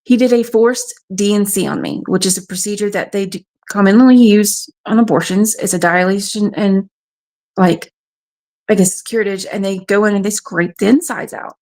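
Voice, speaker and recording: A woman's voice: medium pitch, normal speed, darkish tone. Frank woman telling her story. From South Carolina, USA. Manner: frank, matter-of-fact storytelling. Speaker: radio show guest. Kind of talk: personal testimony.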